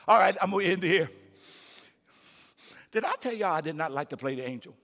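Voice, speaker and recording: A man preaching a live sermon as pastor, calling out to the congregation and building from quiet, repetitive phrasing to shouted peaks. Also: fairly high pitch, expressive, normal speed. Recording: reverberant live church hall.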